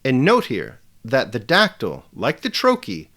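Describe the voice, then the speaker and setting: A man presenting a scripted video lesson with a measured, emphatic delivery. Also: medium pitch, huge pitch swings, pushed and bright. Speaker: teacher.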